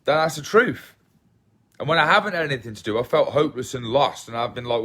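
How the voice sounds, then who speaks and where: An Englishman hosts a livestream, chatting casually with viewers in a rambling, self-deprecating way. His mid-range voice is bright and pushed, and he talks fast and with animation.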